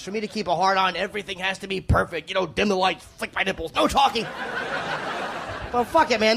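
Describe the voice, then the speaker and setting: A man's voice: sits high, creaky, fairly bright tone. A male stand-up comedian telling a crude, self-mocking story with punchy timing over live audience laughter. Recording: live set with audience laughter and room noise.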